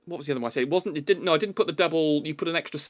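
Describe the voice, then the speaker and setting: An English man with a slightly high-pitched voice argues about pronunciation and grammar in a casual online debate. He sounds pedantic and indignant. He rambles, restarts his sentences and circles back to his point. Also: very fast.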